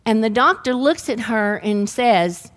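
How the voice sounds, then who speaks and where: Delivering a sermon, this middle-aged woman shares the story of her own healing in a lively, narrative style. She speaks a little high and a little slowly.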